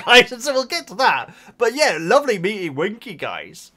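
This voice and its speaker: Young man with a slight Bristolian accent, a lively voice that bounces around, rambly chat to the viewers. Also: high-pitched, normal speed, few pauses, faint music behind. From Oxfordshire, England. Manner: chatty, rambling, often laughing, addresses the viewers as guys. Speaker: book vlogger. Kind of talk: casual chat.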